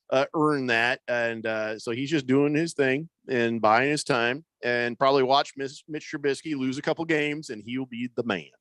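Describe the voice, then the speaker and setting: A man's voice: medium pitch, fairly bright tone, no room sound. A man hosting a sports radio show, joking around and reading listener comments aloud. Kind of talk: casual sports radio banter. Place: radio studio.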